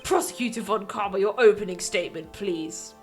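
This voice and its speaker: A woman voicing an older male judge who speaks in a formal, brisk way. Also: medium pitch, soft background music, close to an everyday voice.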